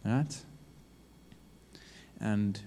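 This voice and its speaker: A man preaching a sermon in a low, mellow voice. He urges his listeners earnestly and repeats himself, dropping to a hush and then swelling up again. His words ring out with the long reverb of a large hall. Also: very slow. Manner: earnest, repetitive urging with sudden loud and hushed swings. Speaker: youth preacher.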